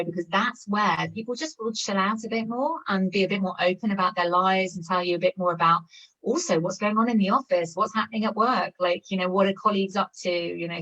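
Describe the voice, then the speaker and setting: A woman talks casually in a live online Q&A, chatty and quick to laugh, leaning on little fillers. Her voice sits mid-range. It comes through a dull, muffled, lo-fi call line. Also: mid-range voice, a bit bright. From London, England. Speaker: guest speaker on British culture.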